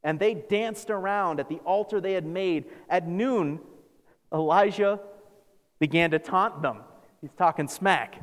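A man preaching a sermon as pastor, animated, acting out scripture with sarcastic asides. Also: high-pitched, normal speed. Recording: long reverb of a large hall.

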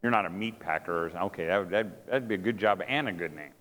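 A man's voice: low-pitched, quick pace, a bit bright. A man giving a humorous sermon, telling self-mocking stories about family life to a live audience in a hall. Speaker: preacher.

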